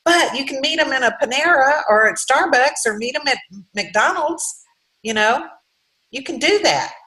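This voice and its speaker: A woman's voice: high-pitched, animated, pushed and bright, echoey room, rough recording. Earnest woman giving a heartfelt pep talk. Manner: earnest, heartfelt, preachy, with halting restarts. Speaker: guest speaker, direct sales leader. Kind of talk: motivational faith-based talk.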